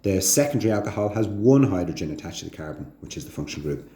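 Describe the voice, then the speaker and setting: A man teaching a chatty chemistry lesson, often asking the viewer whether they can see the point and rising sharply in pitch on his questions. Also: warm tone. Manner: chatty, asks the viewer frequent check questions. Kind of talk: casual recorded chemistry lesson. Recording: echoey room sound.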